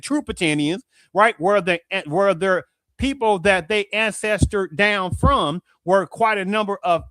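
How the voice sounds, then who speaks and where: A man with a high voice runs his own show as a commentary monologue, tossing out rhetorical questions and circling back to the same points. The sound is dry and close, with no room around him. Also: fairly bright tone, no room sound. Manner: rhetorical, repeats "right?" and "do you understand that?". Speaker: show host.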